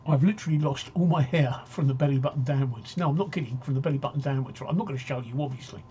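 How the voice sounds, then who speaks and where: A man's voice: medium pitch, rapid-fire, mellow, muffled recording, a little hiss or hum. A man hosting a casual live-stream talk show, rambling and joking as he reads out viewer comments.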